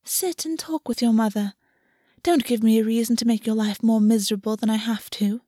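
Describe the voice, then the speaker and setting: A woman's voice: on the high side, steady tone, a little fast, mellow, no room sound, clean studio sound, natural voice. A woman voicing a cruel, manipulative fae queen mother in a silky, sweetly menacing way.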